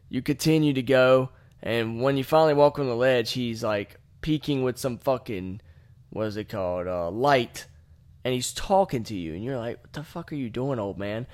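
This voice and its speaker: A man at mid pitch rambles through a game recap like a podcast host, swearing constantly and trailing off mid-thought. Now and then he jumps into a loud, shouted, acted-out reaction of his own. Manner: heavily profane, rambling, loose slang. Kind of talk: casual video game story recap.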